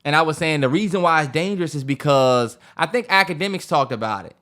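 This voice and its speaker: Animated man co-hosting a casual podcast. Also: fast talker. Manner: animated storyteller, voice jumps high when acting out stories. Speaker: podcast co-host. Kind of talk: casual chat.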